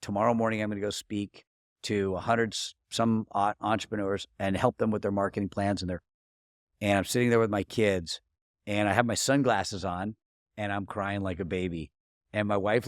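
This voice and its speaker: This is a marketing coach, a middle-aged man guesting on a podcast, whose voice sits on the low side. The sound is dry and studio-clean. His casual interview talk is earnest personal storytelling, full of false starts.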